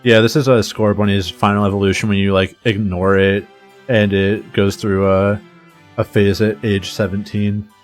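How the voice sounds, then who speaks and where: A man's voice: fairly low pitch, little pitch movement, normal speed, soft background music. A man streaming a story game, making crude, joking asides between lines as he reads. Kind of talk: casual gameplay commentary.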